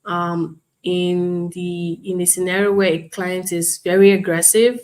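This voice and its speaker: A woman instructor teaching an online class, speaking calmly and professionally, acting out customer calls as examples. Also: lowish voice, unhurried. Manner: calm, explains with role-played customer examples. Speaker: bootcamp instructor.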